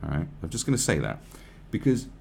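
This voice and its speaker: A man's voice: deep voice, sing-song, fast, creaky, a little mellow, a little hiss or hum. A man giving profane, rambling, sarcastic commentary on a news article.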